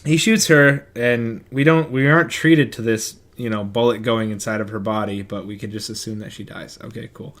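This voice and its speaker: A young man co-hosting a podcast in casual chat, rambling and joking as he recaps a movie plot with quick impressions. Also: on the low side, steady tone, fairly bright tone. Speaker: podcast co-host.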